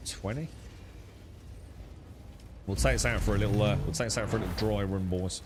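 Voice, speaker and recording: A man's voice: fairly low pitch, fairly even intonation, fairly quick, noisy background. A young man chatting casually while playing a co-op game with friends, thinking aloud and laughing easily. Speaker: gamer streaming co-op play. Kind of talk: casual gaming chat.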